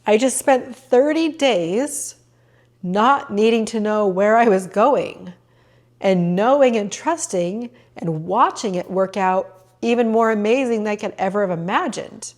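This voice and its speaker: A woman's voice: medium pitch, unhurried. A middle-aged woman hosting a personal podcast, talking earnestly and openly emotional about her own life, with plenty of fillers and restarts. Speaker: podcast host. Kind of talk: personal reflective podcast monologue.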